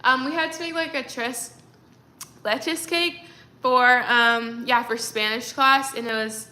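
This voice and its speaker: A woman's voice: on the high side, fairly even intonation, slow, bright, forceful tone. A young woman chatting casually on a livestream, rambling with lots of fillers. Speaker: livestreaming creator. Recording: echoey room.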